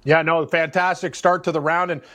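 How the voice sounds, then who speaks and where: An opinionated man co-hosting a casual sports talk show, with a notably high voice. He talks emphatically and lands his points with animated asides. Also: fairly quick. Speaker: sports podcast co-host.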